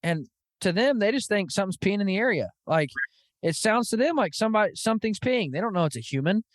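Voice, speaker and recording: A man hosting a podcast, telling stories in an animated, casual way, full of "dude" and "like". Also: high voice, fast, dry recording, studio quality. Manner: animated storytelling, lots of "dude" and "like". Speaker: podcast host. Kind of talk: casual chat.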